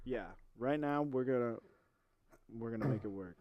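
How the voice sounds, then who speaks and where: A man on a podcast mic with a voice at a middle pitch. He teases his co-host in casual chat, often tossing his partner's words back at him. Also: normal speed, lo-fi sound. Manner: teasing, repeats his partner's lines.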